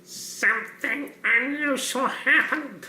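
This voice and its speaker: A man voicing a childlike sock puppet that reads a picture book aloud in a slow, sing-song way. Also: extremely high pitch, bright, forceful tone, reverberant, slight background noise, heavily acted. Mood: playful.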